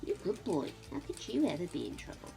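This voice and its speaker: A woman's voice: on the low side, very animated, quick pace, vocal fry, mellow, soft background music. A British woman streaming gameplay in casual chat, cooing fondly at her dog and laughing often.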